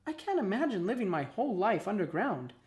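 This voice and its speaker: A man's voice: sits high, sing-song, a little fast, darkish tone, pitched above the performer's own voice. A man voicing a carefree, encouraging young female worm in a raised, upbeat voice. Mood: cheerful.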